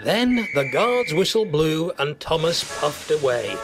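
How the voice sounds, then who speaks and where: Guy reading a kids' train story, steady, slightly high voice, loud music playing. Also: unhurried. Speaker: narrator. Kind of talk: storybook narration.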